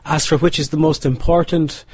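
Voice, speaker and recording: A man's voice: a little high, fairly even intonation, normal speed, darkish tone, slight background noise. A man with an Irish accent giving a hesitant unscripted statement, repeating words as he goes. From Republic of Ireland.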